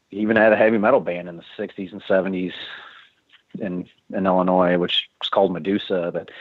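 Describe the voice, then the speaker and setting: In a casual interview, a male guest musician rambles through stories and keeps chuckling. His voice is on the low side, and the dry recording has the tinny quality of a phone line.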